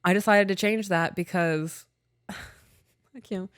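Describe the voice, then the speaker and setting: A woman's voice: medium pitch, steady tone, slow, no echo, clean studio sound. A woman co-hosting a podcast, talking openly and emotionally about her relationship in casual chat, swearing freely. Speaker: podcast co-host.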